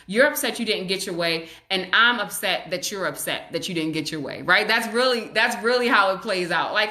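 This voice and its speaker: Bright clear woman doing a live parenting chat, reassuring, bit of room echo. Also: mid-range voice, lively intonation, moderate pace, hardly any pauses. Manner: warm, reassuring, acts out parent and child voices. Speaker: child psychologist hosting a live stream. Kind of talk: live-stream parenting talk answering viewers. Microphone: webcam or phone on a live stream.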